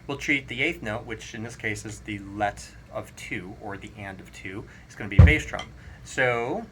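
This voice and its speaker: A man teaching a drum lesson, counting rhythms aloud in a relaxed, explanatory way. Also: on the low side, moderate pace, very noisy. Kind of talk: casual spoken drum lesson. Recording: drums playing clearly behind the voice. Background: drum kit playing.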